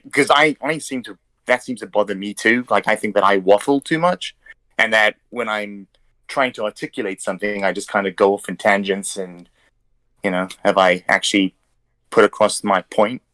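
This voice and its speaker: A man's voice: lowish voice, moderate pace, fairly bright tone, no room sound. Hesitant South African man calling in. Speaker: caller. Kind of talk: casual call-in chat.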